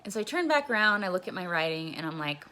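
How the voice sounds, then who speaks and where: A woman's voice: fairly low pitch, big pitch swings, quick pace, pushed and bright. A young woman casually recounting a personal story, rambling and swearing freely with lots of "like.". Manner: profane, rambling, heavy use of "like". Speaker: storyteller recounting her jail time.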